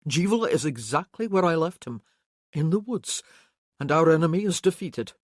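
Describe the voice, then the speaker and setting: A woman narrator voices a bold Highland warrior, firm and loud and coaxing. She keeps it in her own lowish register rather than dropping deep. The sound is close and dry. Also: expressive, normal speed, no room sound. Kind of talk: audiobook character voicing.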